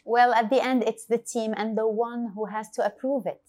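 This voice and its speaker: A woman guest on a podcast, telling an anecdote in lively fashion, acting out quoted lines with many fillers and restarts. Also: fairly high pitch, normal speed. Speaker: marketing agency founder, guest. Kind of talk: casual podcast interview.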